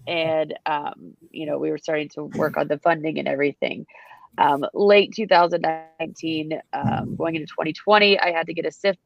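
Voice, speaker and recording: A woman's voice: on the low side, vocal fry, dry recording, muffled recording. A woman in her thirties with a stuffy, congested nose, telling her personal story candidly on a panel, with many fillers and restarts. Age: 30s. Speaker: conference panelist.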